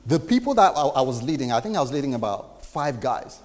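A man preaching a testimony, telling a story in an animated way and acting out the voices in it. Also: mid-range voice, a little fast, long reverb tail. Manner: animated, acts out quoted dialogue. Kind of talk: sermon storytelling.

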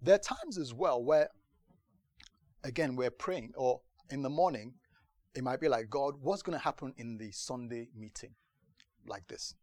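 Male pastor, mid-pitched voice, sermon storytelling, dry close sound. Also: normal speed, long pauses, darkish tone, dry recording. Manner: storytelling, repeats "do you understand". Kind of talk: sermon testimony.

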